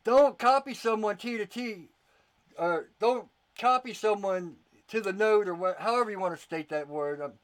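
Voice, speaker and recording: A young man with a fairly high voice hosts his own livestream as a knife maker and YouTuber. He talks loosely, doubles back on his words and stops to answer viewer comments. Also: normal speed. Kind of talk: casual livestream chat.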